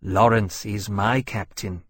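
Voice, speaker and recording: A great young dragon speaks earnestly in a low, slightly husky voice, formal and unhurried. A man voices him in an audiobook. The recording is dry and close. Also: no room sound. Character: large young male dragon, earnest and possessive. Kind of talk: audiobook narration.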